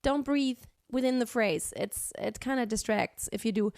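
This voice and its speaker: A woman's voice: on the high side, normal speed, creaky, few pauses, darkish tone, no room sound, clean studio sound. A woman teaching singing, explaining technique and breaking into short sung examples. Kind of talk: vocal lesson with sung demonstrations.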